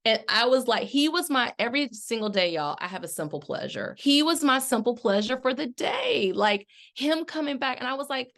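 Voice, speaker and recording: A woman's voice: on the high side, lively intonation, moderate pace, hardly any pauses, a bit bright. A middle-aged woman, a life coach hosting her podcast, telling a story and coaching her listeners in a casual, conversational way. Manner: conversational, addresses listeners directly as y'all. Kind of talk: casual chat.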